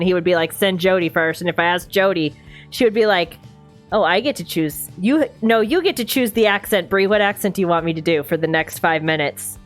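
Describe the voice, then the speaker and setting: A woman streamer giving casual gameplay commentary in a rambling, chatty way, often correcting herself. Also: mid-range voice.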